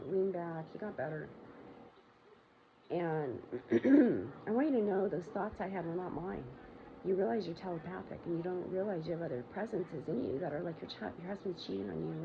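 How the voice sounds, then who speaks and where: A woman hosting her own show, telling a long personal story in a blunt, rambling way, with frequent profanity and fillers. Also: gravelly. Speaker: show host. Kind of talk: candid personal monologue. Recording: muffled low-volume recording with loud background noise.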